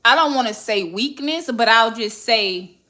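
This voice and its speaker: A young woman, a podcast host talking in blunt, profane, animated casual chat. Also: fairly high pitch, measured pace.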